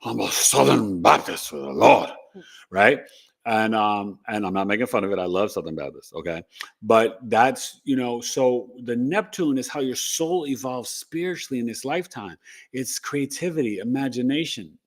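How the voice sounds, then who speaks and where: A man's voice: mid-range voice, normal speed. A man hosting a live astrology show, chatting casually and playfully with his co-host and viewers. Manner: playful, animated, talks over his co-host. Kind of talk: casual livestream chat.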